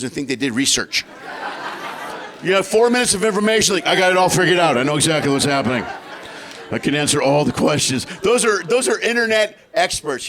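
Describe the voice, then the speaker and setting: Stand-up comic, man, middle-aged, high voice, loud and high-energy, acts out characters. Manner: high-energy, shouting punchlines, acting out other people. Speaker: stand-up comedian. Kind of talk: stand-up comedy set. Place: theater stage before a laughing audience.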